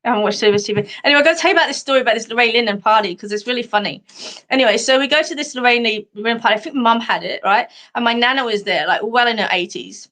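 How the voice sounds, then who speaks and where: A woman's voice: on the high side, racing, fairly bright tone. A middle-aged Australian woman hosting a live stream, chatting casually and rambling through funny stories with frequent laughter. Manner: chatty, rambling storyteller who laughs often.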